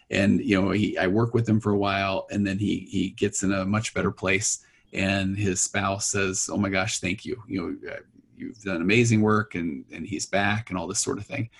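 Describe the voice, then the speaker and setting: A man's voice: low-pitched, gravelly, slightly rough. A middle-aged man, a therapist, telling stories from his practice in casual conversation and acting out his clients' voices.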